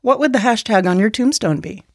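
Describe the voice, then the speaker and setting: A woman's voice: on the high side, brisk, husky, no room sound, studio quality. A woman hosting a podcast, chatting casually and laughing often. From Miami. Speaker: podcast host. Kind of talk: casual interview chat.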